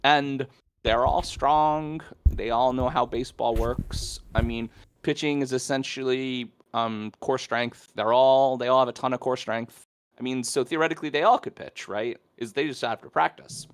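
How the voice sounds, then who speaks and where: A man's voice: mid-range voice, fairly even intonation, normal speed, clean tone. Male co-host, casual, musing, mid voice. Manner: thinks aloud, uses many "I mean"s. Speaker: podcast co-host. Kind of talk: casual sports chat.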